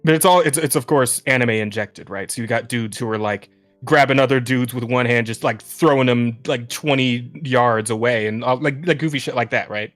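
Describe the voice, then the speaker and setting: A man's voice: medium pitch, normal speed, a bit bright, soft background music. A young man co-hosting a podcast in casual chat, rambling with lots of restarts, swearing and laughing often. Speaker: podcast co-host.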